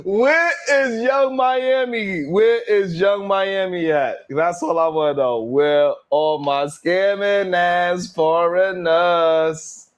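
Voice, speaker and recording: A man chats on his livestream, easygoing and full of laughs and sighs. He drawls his slang at an unhurried pace. His voice sits a little high for a man. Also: smooth, dull audio. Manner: laid-back, laughing, sighing, drawling slang. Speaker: livestream host. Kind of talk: casual livestream chat reading super chats.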